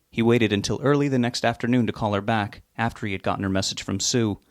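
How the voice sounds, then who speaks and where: A man reading a novel aloud in measured, unhurried scripted narration. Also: lowish voice, little pitch movement, no room sound, studio quality. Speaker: audiobook reader.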